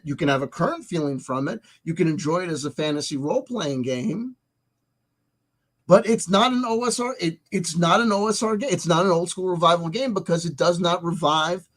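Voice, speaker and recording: A vlog host rants emphatically with profanity, swinging between loud outbursts and soft asides. His voice sits high.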